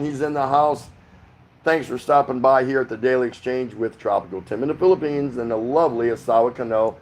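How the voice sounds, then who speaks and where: A man's voice: medium pitch, a little mellow. A middle-aged man from the United States hosting a casual livestream from his home, rambling as he reads viewer comments aloud and chats back. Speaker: livestream host. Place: home in the Philippines.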